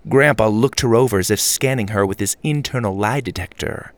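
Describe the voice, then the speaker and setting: A man narrating a children's adventure story with an animated, expressive read. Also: lowish voice, brisk, hardly any pauses, no echo.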